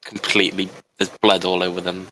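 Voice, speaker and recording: Game master, a man narrating a tabletop session, low voice, bright edge. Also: monotone, fairly quick, slight background noise, low-quality recording. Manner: descriptive, with frequent restarts and fillers.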